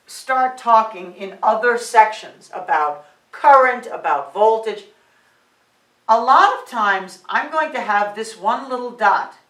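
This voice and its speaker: A woman teaching high school physics who often checks in with "all right" and "okay" and counts digits aloud. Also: a bit bright. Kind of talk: classroom lecture at a board. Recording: roomy sound, mic set at a distance.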